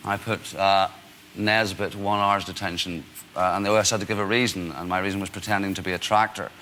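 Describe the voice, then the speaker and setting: This guest is a man in his forties with a Northern Irish accent, swapping self-deprecating stories on a talk show with frequent laughter and plenty of "uh" hesitations. He has a deep, bright, forceful voice with little pitch movement and a brisk delivery. A bit of hiss or hum sits under the audio.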